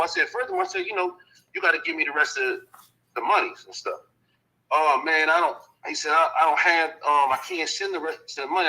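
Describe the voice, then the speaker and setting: A man casually telling a long story about transporting a dog, animated, often adding "you know what I'm saying" and acting out what others said. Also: a little high, brisk, low-quality recording.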